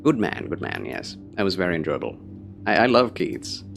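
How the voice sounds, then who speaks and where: A man's voice: low-pitched, sing-song, moderate pace, gravelly, fairly bright tone, soft background music. A man live-streaming a game, chatting casually and theatrically with his viewers.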